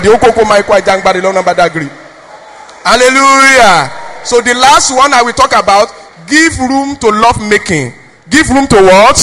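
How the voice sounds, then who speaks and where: A woman's voice: on the high side, a bit bright. A woman with a Nigerian accent preaching a sermon in a church, exhorting the congregation with call-and-response questions. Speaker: preacher, pastor's wife. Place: church hall. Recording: long reverb of a church hall.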